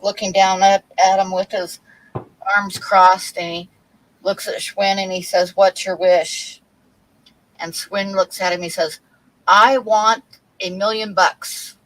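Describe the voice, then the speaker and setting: A woman's voice: lowish voice, a bit bright, rough recording. A woman hosting a livestream, chatting casually and telling corny jokes, then apologizing for them. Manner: joking, apologetic about bad jokes. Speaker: livestream host.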